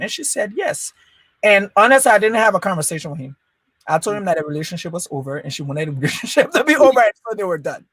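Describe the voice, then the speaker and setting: A man tells a story from his own life on a talk podcast, his pitch leaping up and down as he acts out each quoted line. The sound is close and dry, with no room around it. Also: lively intonation, brisk, a bit bright, no room sound. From Liberia. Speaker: podcast host. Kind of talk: casual conversation, personal story.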